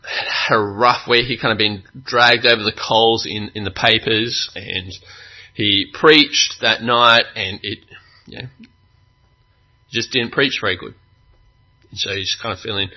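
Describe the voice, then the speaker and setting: A man preaching a sermon, earnest, with long pauses, building to fervent emphasis. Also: lowish voice, muffled recording.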